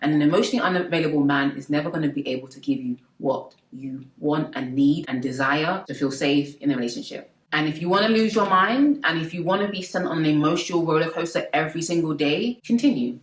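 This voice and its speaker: A young woman giving relationship advice to her viewers in a lively, preachy way with playful asides. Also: deep voice, fast talker, echoey room, rough recording. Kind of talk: casual advice talk to camera.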